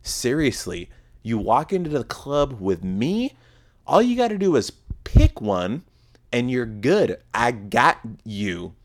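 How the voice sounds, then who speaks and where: A man's voice: medium pitch, wildly swooping pitch, takes it slowly. A young man imitating his pushy, boastful friend who keeps offering to get him a date. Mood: cocky. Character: cocky young male friend playing wingman.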